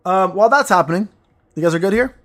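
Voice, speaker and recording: Lively high-voiced joking streamer man. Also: quick pace. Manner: joking, crude, rambling banter with chat. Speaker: gaming streamer reading chat. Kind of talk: casual livestream chatter while playing.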